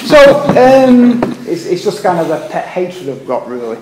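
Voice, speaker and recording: An older man with a Liverpool accent speaks at a public meeting, earnest and a little rambling, breaking off for wry asides about himself. His voice sits unusually high for a man. The sound carries a strong echo from the hall. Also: sing-song, unhurried, noisy background. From England. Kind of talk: impassioned public speech.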